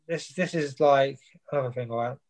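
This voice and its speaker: A man's voice: medium pitch, normal speed, darkish tone, poor audio. A young man, a boxer chatting casually in an interview and rambling with plenty of fillers and repeats. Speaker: boxer guest. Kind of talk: casual chat.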